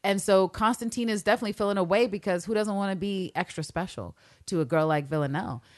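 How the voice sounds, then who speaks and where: A woman co-hosting a podcast, chatting casually about a TV episode, animated and profane, acting out the characters' lines as she goes. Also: mid-range voice, quick pace. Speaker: podcast co-host. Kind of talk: casual TV recap chat.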